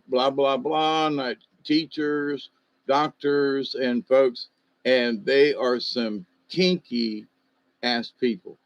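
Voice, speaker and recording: A man's voice: medium pitch, no room sound, low-quality recording. A man telling rambling, folksy stories in a loose monologue, full of fillers and asides.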